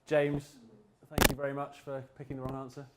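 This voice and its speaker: Male speaker for a live talk, wry, jokey, quick asides, mid-pitched. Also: monotone, very noisy. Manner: joking, quick asides, restarts. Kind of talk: humorous presentation. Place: event room with an audience.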